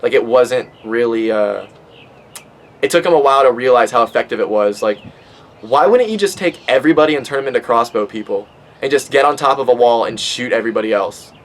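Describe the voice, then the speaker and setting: A man's voice: medium pitch, fairly quick, poor audio. Rambling, swearing young man. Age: 20s. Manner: profane, rambling, with many fillers. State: stoned. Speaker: podcast host. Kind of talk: casual rambling monologue.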